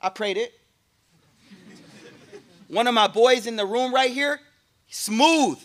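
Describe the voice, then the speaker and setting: A man giving a lively, joking sermon to a class, speaking in casual slang. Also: extremely high pitch, slow pace. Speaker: sheikh giving a talk. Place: room with a listening audience.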